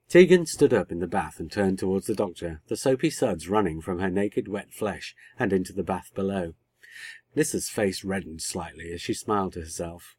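A man reading a short story aloud as a podcast host, in a steady, measured way. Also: low-pitched, breathy edge, no room sound. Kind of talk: scripted narration.

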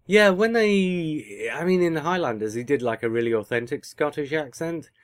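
This podcast co-host has a fairly high, expressive voice and speaks at a normal speed with no echo. He chats casually and teasingly, often revising what he's saying mid-sentence.

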